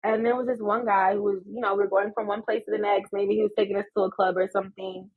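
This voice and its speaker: An American woman in her thirties, a podcast guest telling stories in an animated, laughing way. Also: mid-range voice, fast, husky, narrow, tinny audio. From United States. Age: 30s. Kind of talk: casual storytelling chat.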